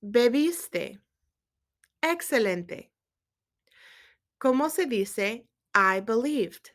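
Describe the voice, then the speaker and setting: A woman teaching a Spanish lesson, quizzing viewers and gently checking their accent marks as she switches between English and Spanish. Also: fairly high pitch, lively intonation, slow. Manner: asks quiz questions and gently checks accents. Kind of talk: recorded language lesson.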